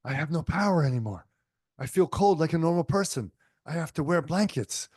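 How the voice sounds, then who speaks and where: A man's voice: on the high side, lively intonation, fairly quick, darkish tone, slightly rough, dry recording, pitched above the performer's own voice. A frightened male yogi pleads in a strained voice that climbs far above the speaker's own, as a man puts him on while telling a story. The sound is dry and close, with no room around it. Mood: pleading.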